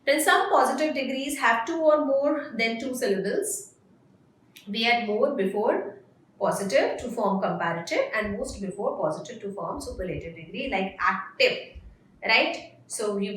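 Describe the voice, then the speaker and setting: A woman teaches an online grammar lesson in a fairly high voice, walking through each example patiently and checking in with a questioning "right?". The sound is very echoey, the mic sits some distance from her, and a faint noise runs underneath. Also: expressive, unhurried, a bit bright.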